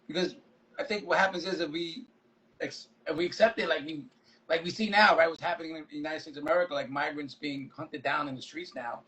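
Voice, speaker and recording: A man hosts a conversation over a video call, his voice a little higher than most men's. He speaks thoughtfully, circling his points with fillers and checking in with his listener. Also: fairly even intonation, fast, bright, forceful tone, low-quality recording. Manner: thoughtful, hedging with "like" and "right?". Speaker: host. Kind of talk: interview conversation. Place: live video stream.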